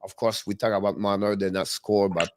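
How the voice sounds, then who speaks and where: Man with halting phrasing. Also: fairly low pitch, flat delivery. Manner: halting, restarts phrases, non-native grammar. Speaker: hockey show co-host. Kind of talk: casual sports talk.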